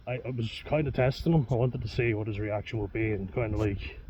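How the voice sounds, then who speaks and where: A man's voice: fairly low pitch, fairly even intonation, quick pace, darkish tone. Chatty, swearing man, lo-fi outdoors. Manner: chatty, swears and laughs often, self-mocking. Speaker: vlogger. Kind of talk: casual chat to camera on a walk. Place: outdoors on a country walk. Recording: dull lo-fi sound with wind noise outdoors.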